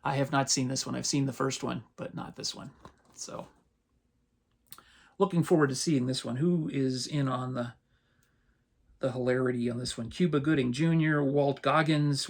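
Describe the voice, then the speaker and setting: A man, casually running through his latest movie purchases as a channel host, relaxed and rambling. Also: mid-range voice. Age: 50s. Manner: relaxed, rambling, chuckles often. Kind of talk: casual haul rundown.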